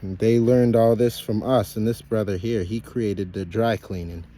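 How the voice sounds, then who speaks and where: A man's voice: fairly low pitch, steady tone, normal speed, mellow. A man giving a loose, rambling preaching monologue to his online followers, repeating phrases, breaking off mid-sentence and calling them brothers and sisters. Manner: calls out to listeners as brothers and sisters. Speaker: online speaker addressing followers.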